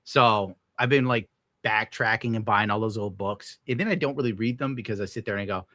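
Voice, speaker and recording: A man's voice: a little fast, bright, forceful tone, no echo, studio quality. A young adult man hosting a casual stream, ranting in an exasperated, sarcastic way with frequent swearing and sudden jumps into outrage. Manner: exasperated, sarcastic, swears often, bursts into high-pitched outrage. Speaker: podcast host. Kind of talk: casual livestream rant.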